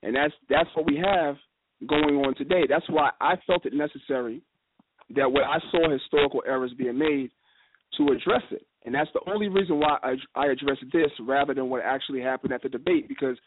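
A man speaking as a guest in a casual radio discussion, telling stories with quick, animated quoted dialogue. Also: medium pitch. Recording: noisy phone line.

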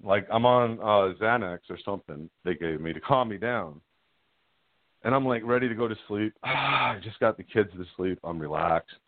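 A middle-aged man calls into a radio interview and tells a personal story in a frank, rambling way. He laughs at himself as he goes. His low voice comes through a tinny, dry phone line. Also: lively intonation, moderate pace, dry recording. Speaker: guest caller.

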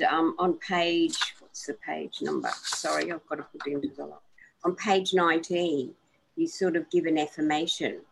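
Lower-voiced woman co-host, earnest. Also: vocal fry, slightly rough, rough recording. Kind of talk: interview talk.

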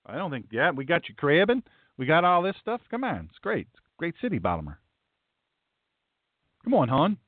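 A man's voice: a little high, big pitch swings, moderate pace, long pauses, no room sound. Guy doing a pleading baltimore local defending his city, tinny phone-ish sound. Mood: protesting.

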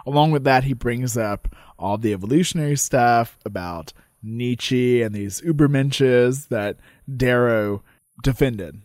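A man's voice: mid-range voice, measured pace, darkish tone, no echo, studio quality. A man co-hosting a podcast in casual chat, dropping jokey asides. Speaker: podcast co-host.

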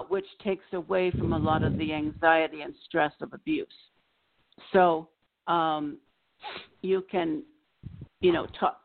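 A woman psychotherapist explaining ideas in a gentle, measured way as an interview guest, recorded over a remote call. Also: lowish voice, gravelly. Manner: gentle, measured, gives examples. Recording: tinny phone-like line.

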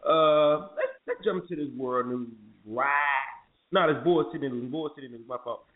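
A man's voice: fairly high pitch, moderate pace. A man hosting a morning talk show in a loose, jokey, slangy way. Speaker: radio show host. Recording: tinny phone-like sound with faint music.

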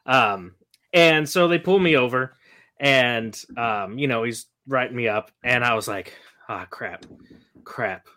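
Bright-sounding guy from northern california, animated storyteller on a podcast, does the quotes. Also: mid-range voice, takes it slowly. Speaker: podcast co-host. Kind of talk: casual storytelling.

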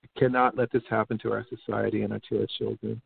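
A man's voice: on the low side, flat delivery, fast talker, creaky, breathy edge. A man in casual conversation who talks animatedly, swears freely and says "like" a lot, often mimicking other people in a raised voice. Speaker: podcast host. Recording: dry, phone-like narrow sound.

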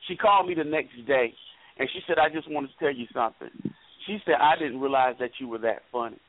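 A man co-hosting a call-in radio talk show, telling a story in an animated way and quoting the people in it. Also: mid-range voice, fast talker. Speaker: co-host. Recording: tinny phone-like radio line.

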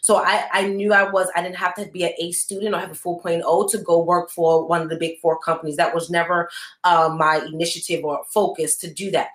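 A woman's voice: fairly low pitch, fairly bright tone, echoey room. A woman guest who runs an accounting business, talking candidly and telling her story in a rambling, casual way. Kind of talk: casual interview chat.

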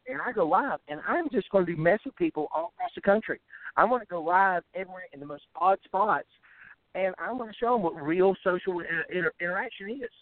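A man's voice: sits high, no echo. A man with a rural American drawl, ranting bluntly and with a lot of profanity as a musician guest in an interview, stumbling over his words as he goes. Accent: rural American Southern-style drawl. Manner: blunt, profane, fired-up ranting with many restarts. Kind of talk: phone interview. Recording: tinny phone line, dry.

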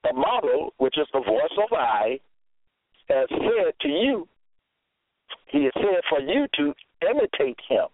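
A man preaching a sermon slowly and emphatically, his pitch swinging widely as he stresses words. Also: big pitch swings, dry recording. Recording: tinny phone line, dry.

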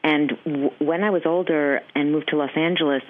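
A woman's voice: low-pitched, normal speed. Chatty woman on a tinny phone line. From New England. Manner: chatty, animated, laughs often, many restarts. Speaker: voice actress guest. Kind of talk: casual interview chat.

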